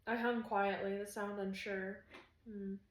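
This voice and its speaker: A woman's voice: mid-range voice, fairly even intonation, moderate pace, echoey room, rough recording. A woman reading a romance fantasy audiobook in the first person, earnest and emotional. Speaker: audiobook narrator.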